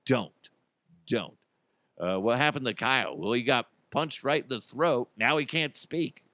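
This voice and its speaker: A man's voice: medium pitch, measured pace, bright, forceful tone, no room sound. A male podcast host chatting on his own, with a mid-range voice and a dry, close sound. He rambles loosely from one thought to the next, heavy on "like" and "you know." His tone stays jokey and offhand throughout. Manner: rambling and joking, lots of fillers. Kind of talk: casual solo chat.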